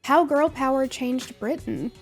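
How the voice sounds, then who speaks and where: A woman in her thirties with a high voice, chatting casually as a podcast co-host. She talks loosely and laughs often with her co-host. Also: unhurried, vocal fry. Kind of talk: casual chat.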